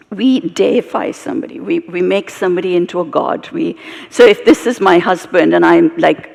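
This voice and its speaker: Gravelly British woman telling stories on stage. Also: fairly low pitch, moderate pace. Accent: British English. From Britain, of Indian heritage. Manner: animated, expressive storytelling with asides. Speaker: storyteller and guest speaker. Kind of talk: live onstage storytelling conversation. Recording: reverberant live hall.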